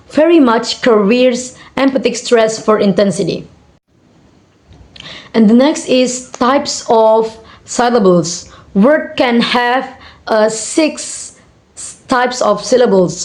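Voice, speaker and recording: A young woman student with an Indonesian accent, reading out assignment answers hesitantly, with many fillers and slowly repeated example words. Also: fairly high pitch, darkish tone. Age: young adult.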